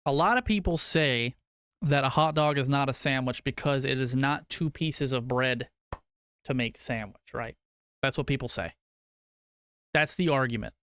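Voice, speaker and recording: A young man streaming to his chat, rambling through food debates and cursing casually. His voice is smooth and clear, recorded dry and close on a desk mic. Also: medium pitch, normal speed, a bit bright, no echo. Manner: rambling, swears casually, argues food opinions.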